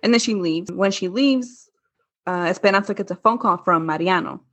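A woman's voice: medium pitch, normal speed, fairly bright tone. A woman casually chatting and recapping episode scenes, swearing freely and mimicking characters. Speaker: podcast co-host recapping a telenovela. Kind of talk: casual chat.

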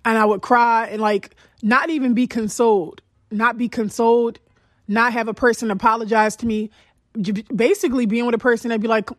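A woman's voice: fairly high pitch, steady tone, fairly quick, no echo, studio quality. A young adult woman podcast host tells a personal story in a blunt, profane, emphatic way. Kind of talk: candid storytelling monologue.

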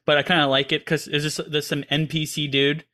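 A man's voice: fairly high pitch, little pitch movement, brisk, sharp tone, no room sound. A man co-hosting a casual podcast chat, rambling with lots of fillers. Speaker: podcast co-host.

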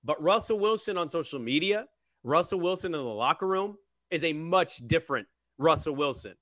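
A man's voice: fairly high pitch, lively intonation, moderate pace, a bit bright, no echo. A man hosting a sports talk show, bluntly mocking what he has just heard. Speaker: radio sports host.

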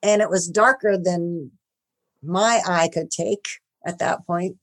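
A woman, a film makeup artist, telling stories in an interview, growing animated when excited. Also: fairly low pitch, slow. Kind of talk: interview, casual storytelling.

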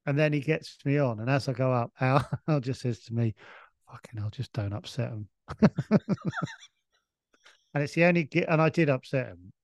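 A man's voice: mid-range voice, normal speed, pauses often, no echo. Rambling man telling a gig story. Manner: rambling, stop-start storytelling with swearing. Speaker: comedian guest. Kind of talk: casual anecdote on a podcast.

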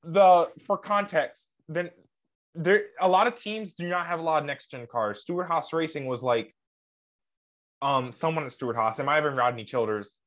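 A podcast co-host in casual chat, animated, laughing often and trailing off mid-sentence. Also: medium pitch, normal speed.

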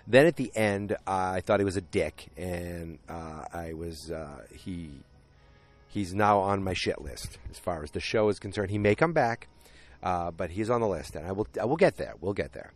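A man casually recapping a TV episode with a deep voice and rambling, jokey asides. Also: measured pace, faint music behind.

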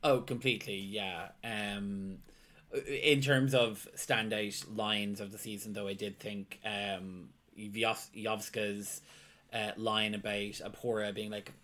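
A man co-hosting a casual podcast chat, talking in quick bursts with many restarts and frequent laughs. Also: lowish voice, level tone, a bit bright. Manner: chatty, hesitant restarts, laughs often. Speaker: podcast co-host.

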